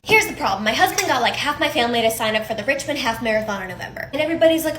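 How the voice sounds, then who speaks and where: A woman's voice: fairly high pitch, animated, racing, few pauses, a bit bright, slight background noise. A woman content creator giving career advice in punchy, upbeat, emphatic tips. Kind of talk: comedic tips and skits.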